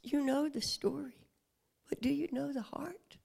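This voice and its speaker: Slow gravelly woman preacher. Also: high-pitched, steady tone. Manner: dramatic, swings between whispering and loud proclaiming. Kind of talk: sermon.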